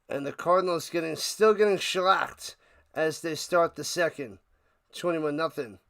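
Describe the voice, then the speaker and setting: Excitable man with a high, gravelly voice. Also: normal speed. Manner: excitable, jokey, bursts of loud hype on big plays. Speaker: watch party play-by-play host. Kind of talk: casual live play-by-play and chat with viewers. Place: home room, his man cave.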